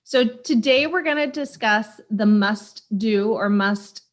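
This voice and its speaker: A woman from Kansas City hosting a podcast in casual chat, upbeat and quick to laugh. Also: fairly high pitch. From Kansas City, USA. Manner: upbeat, chatty, laughs easily. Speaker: podcast host.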